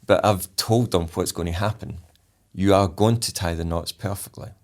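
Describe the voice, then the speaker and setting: A man with a very low voice speaks as an interview guest. His tone has a gravelly fry, and he tells his story in a calm, deliberate way, leaning on key words. He acts out his own instructions as he goes. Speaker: polar explorer and charity founder, interview guest.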